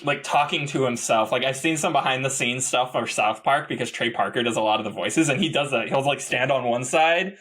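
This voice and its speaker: Excitable rambling male podcast co-host. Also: medium pitch, brisk, hardly any pauses. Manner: excitable, rambling, loud rising outbursts. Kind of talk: casual chat.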